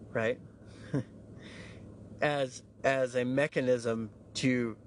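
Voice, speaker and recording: A man speaks straight to his listeners in a raw monologue about himself. His pitch is mid-range, and he swears freely. He keeps tossing in "right?" while he laughs at his own past, with a faint hiss under the recording. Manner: candid, profane, self-mocking, frequent "right?" asides. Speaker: podcast host. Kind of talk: personal monologue.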